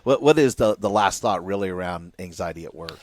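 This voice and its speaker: A man hosting a casual interview, asking his guest relaxed, leading questions. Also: low voice, brisk, dry recording. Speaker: host.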